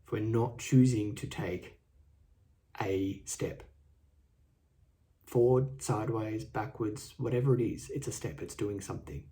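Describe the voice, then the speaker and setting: A man with an Australian accent hosting a solo podcast, earnest and halting, often repeating his words. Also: lowish voice, dark tone. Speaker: podcast host. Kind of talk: reflective solo podcast talk. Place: indoors, seated. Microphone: studio microphone and camera.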